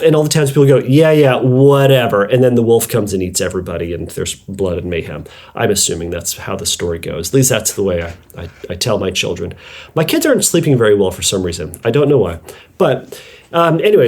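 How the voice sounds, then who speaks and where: A man's voice: medium pitch, darkish tone. A man hosting his own podcast, talking casually and rambling, reading a listener's email and putting on silly voices while he retells a story. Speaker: podcast host. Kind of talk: casual solo podcast talk.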